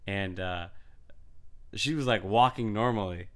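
Congested man with a smooth low voice. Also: unhurried. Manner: rambling storyteller, acts out quotes. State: congested, raw throat. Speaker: podcast co-host. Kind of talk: casual chat.

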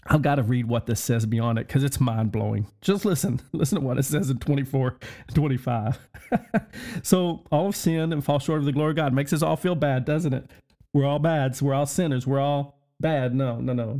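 A man preaching a podcast sermon, excitable, laughing often and asking his listeners questions. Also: mid-range voice, gravelly.

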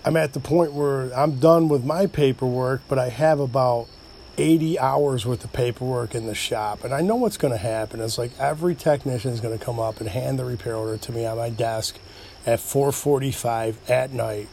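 A man's voice: medium pitch, normal speed, creaky, a little mellow, slight background noise. Middle-aged upstate New York guy, slightly tipsy, rambling off the cuff, crickets faint behind. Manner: loose, rambling, swears and jokes at himself. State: a bit tipsy. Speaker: podcast host. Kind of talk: rambling solo podcast.

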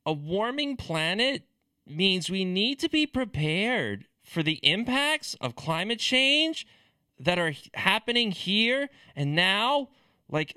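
A man's voice: sits high, bright, forceful tone, dry recording, clean studio sound, full character voice. A man putting on the voice of an overwrought, hyperbolic liberal woman official, with an exaggerated, breathless inflection.

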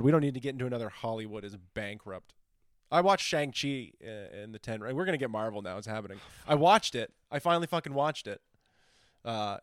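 Podcast guy rambling and cussing, medium pitch, dry close sound. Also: dry recording. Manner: rambling, swearing, animated riffing. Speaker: podcast co-host. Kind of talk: casual chat.

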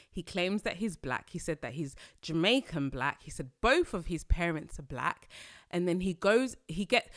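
Animated woman vlogger, bright voice. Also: mid-range voice, no echo, studio quality. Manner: animated, exclaiming, laughing asides. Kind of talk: casual commentary to camera.

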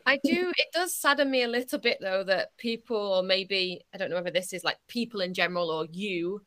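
A woman with a bright, clear voice hosts a conversational podcast. She speaks casually with hesitant fillers, recorded dry and close. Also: mid-range voice, a little fast, no room sound. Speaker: podcast host. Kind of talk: casual interview.

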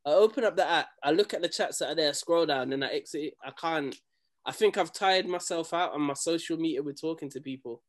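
A man's voice: fairly high pitch, fairly quick. Slangy young man. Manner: animated storytelling, slangy, acts out quoted people. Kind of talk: casual chat.

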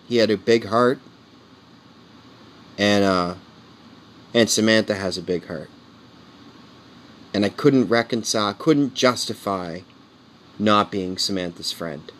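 A man in his forties, a comedian, talking in a casual, candid monologue and tossing in "man" and "you know" as he rambles. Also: on the low side. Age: 40s. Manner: earnest and heartfelt. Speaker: comedian podcast host.

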